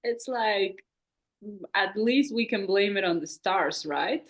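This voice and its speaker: Slow, reflective woman podcast host. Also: mid-range voice. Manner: reflective, rambling, many "like" fillers. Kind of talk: casual conversational podcast chat.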